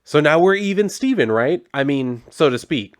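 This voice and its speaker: A man voicing a brash young woman thief trapped in a lab, defiant and sarcastic as she shouts for help. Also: a little high, expressive, normal speed, smooth, voice pushed up, natural voice. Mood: defiant yelling.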